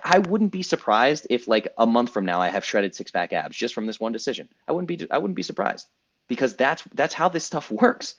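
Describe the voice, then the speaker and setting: A man in his thirties speaking as a coach to his group, his pitch rising and falling with lots of energy. He talks emphatically, repeats lines for effect and swears casually. The sound is a bit dull and lo-fi. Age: 30s. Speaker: coach and podcast host. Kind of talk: group coaching call monologue.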